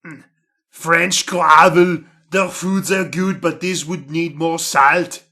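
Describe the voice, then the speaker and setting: A man voicing a loud, grumpy male secret agent in an attempted Swedish accent, exaggerated for comedy. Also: on the high side, steady tone, slow pace. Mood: musing. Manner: exaggerated comic reading voice.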